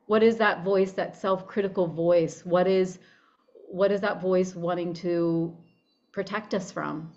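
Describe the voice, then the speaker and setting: Woman coach chatting in an interview, animated, acts out her inner voice, kinda dull lo-fi audio. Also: lowish voice, measured pace. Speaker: guest, body-image coach. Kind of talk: conversational interview.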